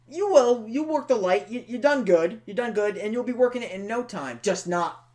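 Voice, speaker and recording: A man doing a quick impression of a gruff old male lighthouse keeper, speaking in a patronizing drawl. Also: high-pitched, lively intonation, darkish tone, voice pushed up.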